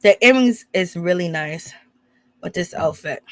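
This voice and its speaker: A woman hosting a casual reality TV recap, gossiping with slang and quick asides to her viewers. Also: lowish voice, expressive, a bit bright, dry recording. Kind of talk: casual commentary on a reality show.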